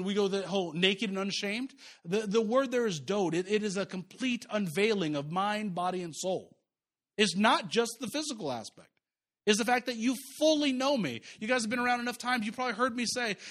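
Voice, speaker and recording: A man's voice: high voice, a bit bright. A man pastor preaching a sermon in a conversational way, restarting words and turning to the congregation with asides.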